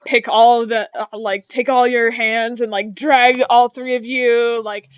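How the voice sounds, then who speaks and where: A woman's voice: fairly high pitch, flat delivery, measured pace, clear, resonant tone, no echo. A woman narrating as game master of a tabletop game, in a casual way full of "like" and "kinda". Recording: dull lo-fi dry recording.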